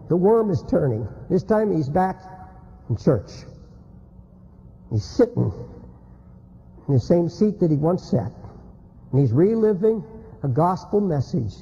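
A male preacher delivers a fiery sermon with dramatic storytelling, dropping to a hush and rising to a shout. His voice is high-pitched, mellow and husky. A long hall reverb trails after every phrase. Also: very animated, measured pace, long pauses, highs cut off.

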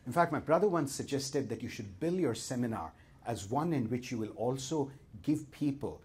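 A middle-aged seminar leader with an Indian accent speaks at normal speed in an expressive, medium-pitched voice that's darkish and slightly rough. He jokes at his own expense and talks straight to the people attending his live seminar.

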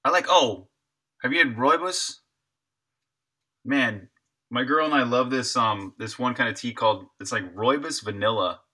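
A young man who makes indie games talks casually with his stream viewers while working, answering their chat questions. His medium-pitched voice sounds pushed and bright with a breathy edge, moving at a moderate pace with many pauses.

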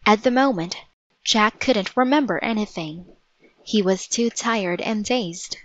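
A woman narrating a storybook in a measured, vivid read-aloud manner. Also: mid-range voice, no room sound, muffled recording.

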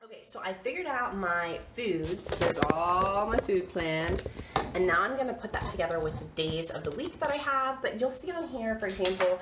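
A woman's voice: mid-range voice, lively intonation, normal speed, reverberant, very noisy. A young woman with a slightly nasal, sniffly voice, chatting casually through a home kitchen vlog with lots of ums. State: coming down with a cold. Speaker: vlogger.

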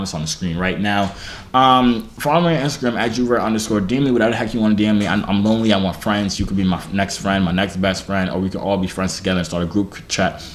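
A young man in his twenties rambles through a vlog outro in a mid-pitched voice. He pokes fun at himself as he signs off. A faint hiss sits under the recording. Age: 20s. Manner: rambling, self-mocking. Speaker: YouTuber.

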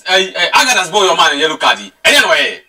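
A Ghanaian man joins the football talk as a co-panelist and mixes Twi and English. His voice is high, very bright and swoops widely in pitch. He sounds distant from the studio microphone. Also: huge pitch swings, fast. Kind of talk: studio sports discussion. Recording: distant off-mic radio sound.

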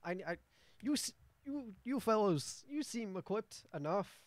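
Scraggly merchant, man playing him: high, stammering, desperate pleading. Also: lively intonation, measured pace, dry recording.

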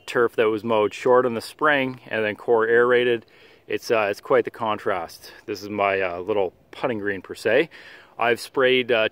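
Brief: man, nasal from a cold, casual outdoor how-to vlog, halting and practical, plenty of "uh"s, mid-pitched. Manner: halting, many "uh" fillers, practical and matter-of-fact. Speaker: turf care professional vlogger. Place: outdoors in a yard and at the pump.

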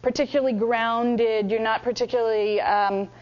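A woman acting teacher guiding a workshop in a measured way, with frequent ums. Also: on the high side, steady tone, clear, resonant tone, dull audio. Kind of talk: workshop instruction.

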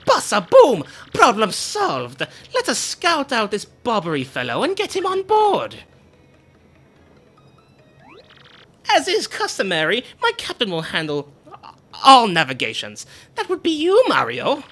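Brief: man doing a vain, grandiose rich captain, lively swooping higher voice, bright tone, faint game music behind. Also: moderate pace, heavily acted. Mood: bossy. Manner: grandiose, theatrical, self-admiring. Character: pompous boastful rich male sailor-merchant. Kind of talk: reading game dialogue aloud.

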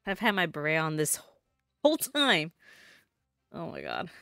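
A woman's voice: low-pitched, wildly swooping pitch, measured pace, fairly bright tone, dry recording, clean studio sound, soft background music. A young woman streaming a game and chatting casually, giggling and correcting herself. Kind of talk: casual gameplay commentary.

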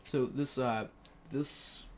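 A man takes it slowly while narrating a computer tutorial on a headset, his mid-range voice fairly even in intonation. The casual screen recording has background noise, and he rambles with many fillers and self-corrections.

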